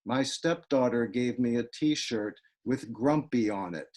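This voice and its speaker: A man reading his own poems aloud over a video call, with a dry, wry deadpan delivery. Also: mid-range voice, unhurried. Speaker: poet reading his work.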